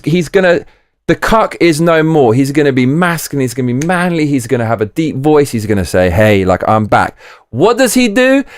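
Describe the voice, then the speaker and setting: A man's voice: a little high, no room sound, clean studio sound. A man giving a casual spoken film review, blunt and profane, often repeating himself for emphasis. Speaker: movie reviewer. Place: living in Japan.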